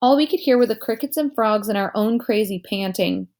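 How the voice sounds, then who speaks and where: A woman reading a children's novel aloud, her narration lively and her pitch in the middle range. She tells the story plainly and gives each character a voice of its own. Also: fairly quick.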